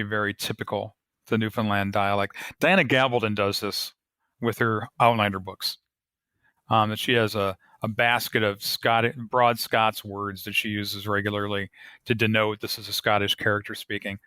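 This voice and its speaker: A man, an author being interviewed on a podcast, explaining his craft in a thoughtful, measured way. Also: on the low side, flat delivery, sharp tone, smooth, no echo. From United States. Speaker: author guest.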